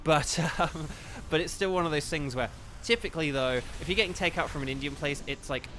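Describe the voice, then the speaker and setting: Bright-voiced chatty male streamer. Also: a little high, a little fast, slight background noise. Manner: rambling, chatty, thinks aloud with many "like"s. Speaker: streamer and voice actor. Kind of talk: casual live-stream chat while gaming.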